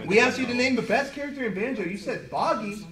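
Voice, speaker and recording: A man's voice: extremely high pitch, heavy background noise. A man hosting a fan-made game show, reading questions and answers in a playful, hammy way. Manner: playful and hammy, quick rundown of rules.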